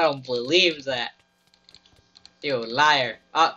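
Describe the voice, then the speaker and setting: Young guy goofing around over a game, slow and over the top, really bright voice, kinda muffled mic. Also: mid-range voice. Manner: goofy, melodramatic, jokey. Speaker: gaming YouTuber. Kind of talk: playful gameplay commentary. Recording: slightly dull lo-fi mic with music behind.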